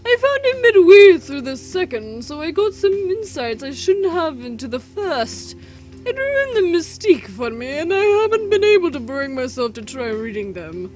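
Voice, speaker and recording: A woman voicing a nerdy, eager young male writer in a gushing, high voice over a visual novel. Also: big pitch swings, normal speed, a little mellow, faint music behind. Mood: enthusiastic.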